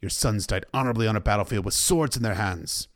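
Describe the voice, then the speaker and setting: A man voicing a stern young king who speaks in a measured, commanding way. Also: fairly low pitch, lightly acted.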